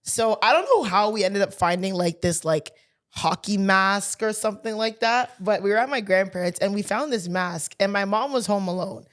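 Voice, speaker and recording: A woman co-hosting a podcast, telling stories in a lively way and laughing through her lines in casual chat. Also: medium pitch, normal speed. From Canada. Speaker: podcast co-host.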